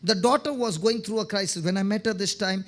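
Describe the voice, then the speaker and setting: A man's voice: high voice, fairly quick, a bit bright. A man preaching a sermon, telling testimony stories, often checking in with his listeners and repeating words as he starts phrases.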